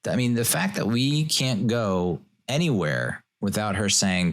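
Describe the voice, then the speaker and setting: A man's voice: fairly low pitch, sing-song, a little slow, few pauses. A man hosting a casual solo podcast, rambling and joking, often chuckling as he talks. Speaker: podcast host.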